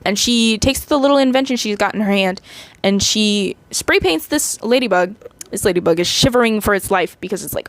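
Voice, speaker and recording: A woman's voice: mid-range voice, animated, brisk, no room sound. A woman in her twenties recapping a movie in a rambling, chatty way, full of fillers. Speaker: vlogger.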